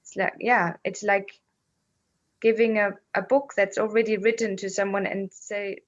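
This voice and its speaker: A woman guest who speaks thoughtfully and haltingly, often repeating words as she searches for phrasing. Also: medium pitch, little pitch movement, muffled recording. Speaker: interview guest. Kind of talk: reflective conversation, telling a parable.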